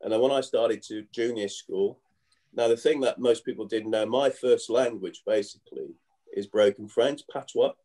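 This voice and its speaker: A man in his fifties recounting his past in a relaxed interview, his voice low and warm in tone. He rambles, circles back and fills gaps with "you know" as he goes. He grew up in England. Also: moderate pace. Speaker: guest, former cricketer. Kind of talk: casual storytelling interview.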